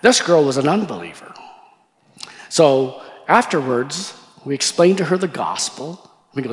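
A male pastor preaches in a storytelling style. His voice sits somewhat high for a man, and he acts out the voices of the people in his story. A long reverb trails each phrase, as in a large church sanctuary. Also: a little slow. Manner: animated storyteller, acting out quoted voices. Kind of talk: sermon storytelling.

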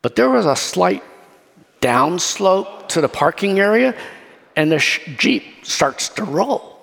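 High-voiced storytelling pastor, man. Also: slow, creaky. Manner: lively storytelling, acts out scenes. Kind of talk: sermon. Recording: long hall reverb.

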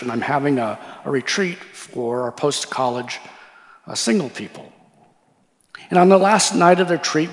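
Pastor telling a story in an echoing hall. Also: male voice, fairly high pitch. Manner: animated storyteller, acting out quoted voices. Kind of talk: sermon storytelling.

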